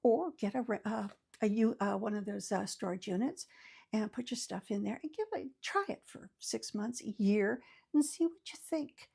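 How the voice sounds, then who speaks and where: A woman's voice: mid-range voice, moderate pace, gravelly, a little mellow, breathy edge. An older woman, host of her own channel, giving casual, folksy advice to camera with many fillers and restarts.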